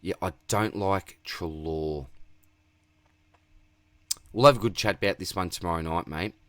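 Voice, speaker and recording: Laid-back Australian host, low-pitched man, dry close sound, chatty Q&A delivery. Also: a little slow, a bit bright, no room sound. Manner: laid-back, reads chat aloud, says mate constantly. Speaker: host answering viewer questions. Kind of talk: casual livestream Q&A.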